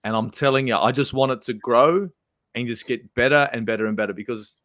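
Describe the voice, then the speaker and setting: Aussie guy guesting on a live stream, mid pitch, dry close sound, animated. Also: fairly quick, dry recording. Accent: Australian. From Australia. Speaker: guest YouTuber. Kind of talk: casual livestream chat.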